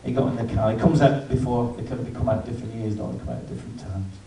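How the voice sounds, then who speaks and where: A man's voice: medium pitch, racing, dark tone, slight background noise. A man in his fifties doing a stand-up routine at a live venue, telling stories with dry timing and chatting with the audience, heard from far off in a roomy hall. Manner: dry storytelling, chats with the audience. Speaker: stand-up comedian.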